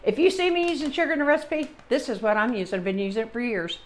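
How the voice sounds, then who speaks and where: A Southern American woman talks viewers through a recipe in her home kitchen. She chats in a loose, rambling way and keeps adding folksy side remarks. Her voice sits a little on the high side. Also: quick pace. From Southern United States. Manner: chatty, rambling, folksy asides. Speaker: home cooking channel host. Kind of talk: casual cooking demonstration.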